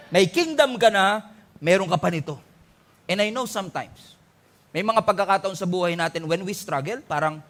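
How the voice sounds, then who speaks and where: A man's voice: high voice, lively intonation, a little fast, a bit bright. A man with a Filipino accent preaching a sermon as pastor, with emphatic rises and calls to the congregation.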